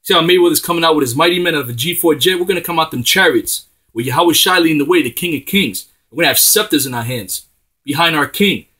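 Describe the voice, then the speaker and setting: A man's voice: fairly high pitch, quick pace, pushed and bright, breathy edge. A man preaching, reading scripture aloud and breaking in with emphatic, profane street talk. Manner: emphatic, profane and slangy between verses.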